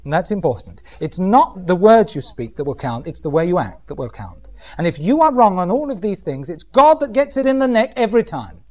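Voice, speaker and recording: A man's voice: high voice, sing-song, brisk, a little mellow. A middle-aged man preaching a humorous sermon, often mimicking other voices.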